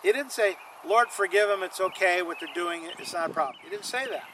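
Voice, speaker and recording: A male pastor preaches a sermon in a high, bright voice at a brisk pace, on a low-quality recording with a faint hiss underneath. He's emphatic, leaning hard on key lines and repeating them for weight while calling on the congregation.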